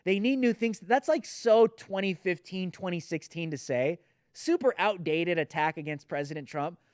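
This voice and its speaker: A man's voice: sits high, normal speed, clear, resonant tone, dry recording, clean studio sound. A man hosting a political commentary show, talking in a sarcastic, mocking way. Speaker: host.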